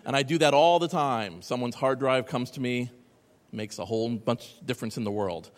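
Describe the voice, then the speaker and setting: A man giving a live talk to an audience, animated and sarcastic, rambling through asides. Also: mid-range voice, normal speed, in a large hall. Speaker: conference speaker. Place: large hall with audience.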